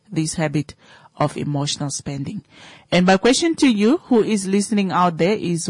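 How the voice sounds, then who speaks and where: Low-voiced chatty woman radio host. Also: no echo. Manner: chatty, many fillers, asks listeners questions. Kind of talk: casual radio talk.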